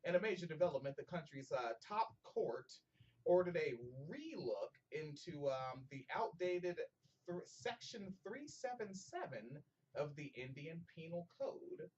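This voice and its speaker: A man with a slightly raised pitch hosts a loose comedy podcast, stumbling through a news article with fillers and swearing between jokes. His voice sits a bit off the mic, and the recording sounds muffled with a faint hiss underneath. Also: big pitch swings, a little slow, darkish tone, breathy edge, recorded from a distance. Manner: profane, joking, stumbles with fillers while reading. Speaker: podcast host. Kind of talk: casual comedic podcast chat, reading news.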